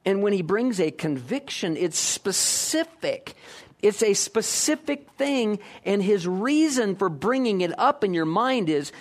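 A male pastor delivers a sermon with a somewhat high voice. He presses his points with repeated rhetorical questions, often rising in pitch and loudness. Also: sing-song, a little slow.

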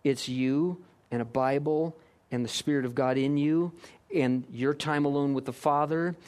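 Emphatic preacher with rising questions. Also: male voice, a little high, fairly even intonation, unhurried, darkish tone. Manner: emphatic, repeated rhetorical questions. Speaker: pastor. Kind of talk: sermon.

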